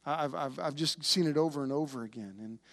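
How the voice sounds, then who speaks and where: A man's voice: on the high side, fast, creaky, fairly bright tone. A man preaching a conversational sermon, with frequent restarts, who acts out the voices of biblical figures. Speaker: pastor.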